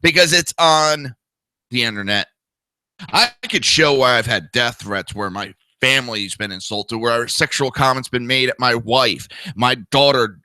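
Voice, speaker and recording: Medium in pitch and a little slow, this man's voice is pushed and bright, recorded with no echo. He's a New Jersey-accented political talk show host whose opinionated rant is blunt, crude and combative, full of whiny mocking impressions.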